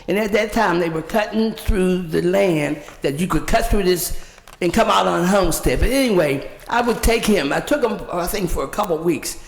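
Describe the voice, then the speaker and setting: A woman's voice: lowish voice, moderate pace, in a large hall. An older woman giving an emotional public comment at a city council meeting, telling a personal story. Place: council chamber.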